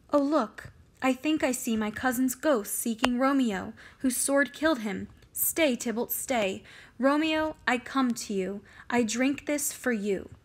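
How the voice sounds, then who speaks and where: A frightened young girl frets aloud before drinking a potion, read by a woman. The delivery is anxious and pleading, in a voice pitched a little high. It is a plain classroom reading rather than a full performance.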